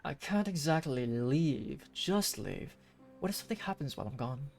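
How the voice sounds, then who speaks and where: A woman's voice: very deep voice, sing-song, normal speed, gravelly, darkish tone, exaggerated voice. A woman voicing a grumpy, reluctant older-brother male ranger who talks bluntly and stammers when he is cornered, in a visual novel game. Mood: defensive.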